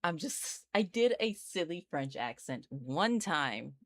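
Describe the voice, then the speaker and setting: Low-voiced giggly woman. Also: very animated, takes it slowly, no room sound, studio quality. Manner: giggly, rambling, slangy. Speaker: art streamer. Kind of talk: casual chat while drawing live.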